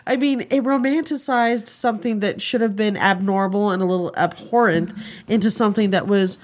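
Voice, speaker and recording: A woman talking on a casual podcast with her friends. She is chatty and opinionated, her voice at an ordinary pitch. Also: normal speed. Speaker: podcast co-host. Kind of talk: casual chat.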